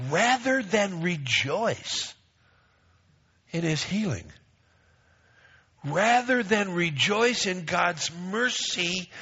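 A man's voice: high voice, bright, forceful tone, slightly rough. A middle-aged man pastor preaching a sermon, emphatic, repeating phrases and acting out quoted voices. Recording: dull lo-fi recording.

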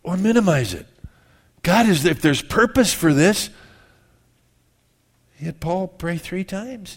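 A man in a pastor's role, his voice sitting a little high for a man. He preaches in a loose, conversational style, slipping into people's prayers and adding humorous asides. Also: expressive, slow pace, pauses often. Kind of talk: sermon.

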